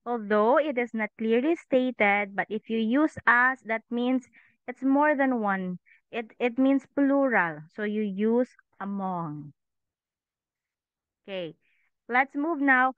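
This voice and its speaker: A woman teaching an online English class to children, patient, with a steady stream of questions and "okay"s. Her voice is fairly high and smooth. It comes through thin, phone-like call audio with no room sound. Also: slow pace, no room sound. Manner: patient, asks questions, says "okay" often. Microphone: video call microphone.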